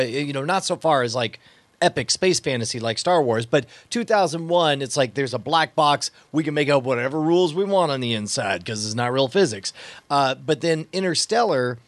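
A man's voice: medium pitch, no room sound. Man musing over films, dry close mic. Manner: thoughtful, many restarts and fillers. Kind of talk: casual podcast discussion.

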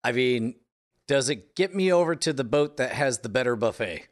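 A man co-hosting a podcast in casual, jokey banter, excitable and laughing often. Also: mid-range voice, normal speed. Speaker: co-host.

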